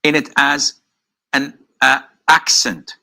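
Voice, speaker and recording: Male preacher, piercingly bright tone, measured explanatory delivery. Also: medium pitch, steady tone, vocal fry, low-quality recording. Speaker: Muslim preacher answering questions. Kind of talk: explanatory lecture.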